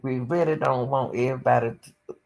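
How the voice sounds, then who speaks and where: A woman with a rumbling low, darkish voice speaks briskly in a steady, creaky tone. She hosts her own commentary channel, offering blunt, opinionated takes and addressing her viewers directly and casually.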